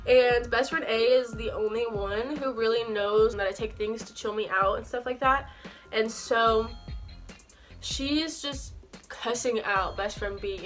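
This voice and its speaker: Young woman vlogger, fairly high voice, indignant storytime full of curses and "like", soft music underneath. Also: a little slow. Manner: heavy swearing, frequent "like" fillers; heated, indignant retelling. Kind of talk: storytime monologue. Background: faint background music.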